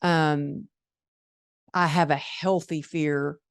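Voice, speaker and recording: A woman's voice: low-pitched, steady tone, very slow, no room sound, studio quality. A woman in her forties hosting a podcast, sharing personal stories openly with casual fillers. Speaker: podcast host. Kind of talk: conversational podcast interview.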